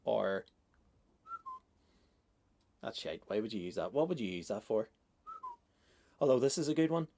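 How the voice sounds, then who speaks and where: A man's voice: on the low side, very animated, a little slow, long pauses, warm tone, a little hiss or hum. A man, rambling on his own solo comedy podcast, sweary and self-mocking. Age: 30s.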